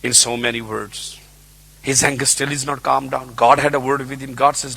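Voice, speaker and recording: A man's voice: mid-range voice, little pitch movement, moderate pace, creaky, sharp tone. A man preaching a sermon on a Bible passage, telling the story with animation and acting out its characters.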